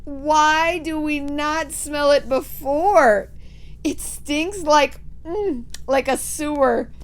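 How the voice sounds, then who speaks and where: A clamoring crowd of witches, as a woman reading aloud puts them on, shouting high and loud in disgust. Their cries are shrill and agitated. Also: extremely slow. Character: crowd of excited, squawking female witches. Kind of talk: storybook reading with voices.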